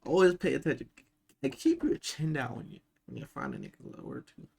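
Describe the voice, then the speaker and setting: Laid-back young man with a gravelly voice. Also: on the high side, wildly swooping pitch, brisk, darkish tone. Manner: laid-back slang, reacts and jokes. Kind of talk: casual chat.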